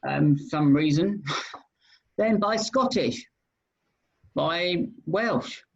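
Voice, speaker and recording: A British man co-hosting a casual chat show, hesitant, with many pauses and repeated words. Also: on the high side, gravelly. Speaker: co-host. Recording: dull lo-fi sound.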